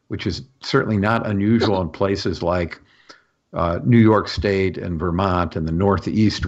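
Low-voiced man explaining on the radio. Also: dull audio. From Wisconsin. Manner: earnest, explanatory, many fillers and restarts. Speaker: guest from a farm policy institute. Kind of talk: radio interview.

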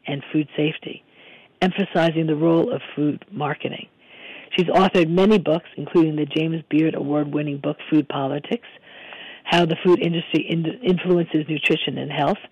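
A man hosting a radio talk show, hoarse after losing his voice, talking casually with many ums and restarts. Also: fairly high pitch, a little mellow, no room sound, highs cut off. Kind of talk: casual radio talk, recipe and guest intro.

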